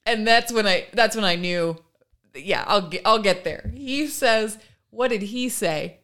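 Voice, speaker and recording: A woman in her thirties co-hosts a casual podcast chat. She tells stories in an animated way and acts out the voices of the people she quotes. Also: medium pitch, a little slow. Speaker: podcast co-host.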